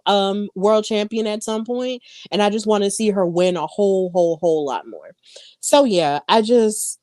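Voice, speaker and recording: A woman's voice: medium pitch, no echo, studio quality. A woman co-hosting a podcast, chatting casually as she recaps events and acts out the lines of the people involved. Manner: animated, acts out quoted lines. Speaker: podcast co-host.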